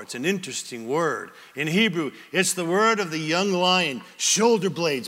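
A man preaching a sermon as pastor, with an animated, dramatic delivery and many questions put to the congregation. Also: fairly high pitch, fairly quick, hardly any pauses, in a large hall. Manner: asks the congregation rhetorical questions.

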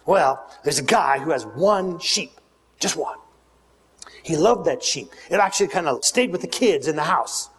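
A man's voice: a little high, lively intonation, normal speed, fairly bright tone, soft background music, voice pushed down. A man voicing the prophet Nathan, a grave old prophet confronting a king with a parable. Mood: telling. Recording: long reverb of a big hall.

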